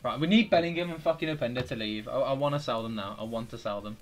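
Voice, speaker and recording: A man in his twenties with a British accent, commenting live on his own football video game, swearing a lot and swinging from mutters to yells. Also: mid-range voice, fast talker, faint music behind. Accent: British English. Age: 20s. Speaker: gaming streamer.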